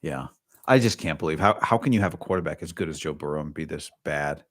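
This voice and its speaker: A man's voice: very deep voice, quick pace. A man hosting a casual sports podcast, talking in a rambling way with restarts mid-thought. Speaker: podcast host.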